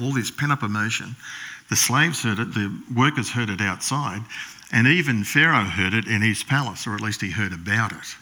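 A male pastor preaches, retelling the story vividly and dropping into a hushed voice for the characters. His voice sits fairly low but sounds bright and forceful, and he clears his throat now and then. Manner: storytelling, acts out the brothers' lines in a hushed voice. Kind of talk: sermon.

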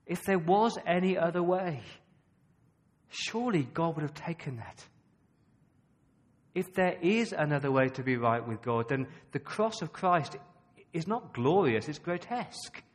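An Australian man preaching a sermon, emphatic and full of rhetorical questions, with dramatic pauses. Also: on the high side, animated.

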